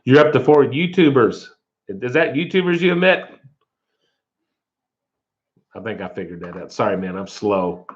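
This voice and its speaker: A man hosting a casual livestream in a relaxed way, reading viewer comments aloud and answering them. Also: medium pitch, measured pace, long pauses. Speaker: livestream host. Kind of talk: casual live chat. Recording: dull lo-fi livestream audio.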